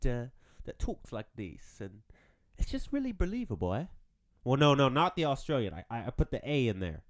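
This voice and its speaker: A man hosting a podcast, rambling through a casual comedic monologue and laughing at his own jokes. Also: sits high. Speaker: podcast host.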